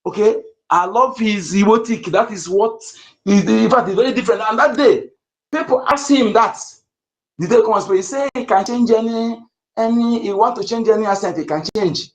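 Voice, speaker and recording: A man's voice: high voice, moderate pace, echoey room, poor audio. A man speaking heatedly and emphatically on an online audio space, repeating himself as he makes accusations.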